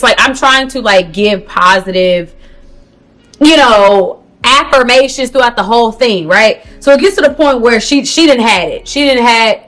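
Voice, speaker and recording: A young woman vlogging a storytime to camera in an animated, slangy manner, talking to viewers as "girl". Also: a little high, moderate pace. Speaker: beauty vlogger. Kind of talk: storytime vlog.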